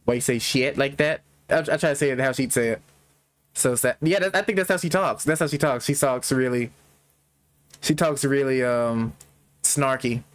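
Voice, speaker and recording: A man's voice: mid-range voice, no room sound. A man hosting a gaming channel, reading a game's character lines aloud and breaking off to comment and laugh. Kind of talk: reading game dialogue aloud with reactions.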